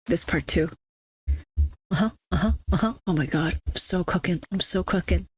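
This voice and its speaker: A woman's voice: lowish voice, moderate pace, husky. A young adult woman streaming a game, chatting casually and teasing her chat with mock-snobby banter. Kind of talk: casual live-stream chatter while gaming.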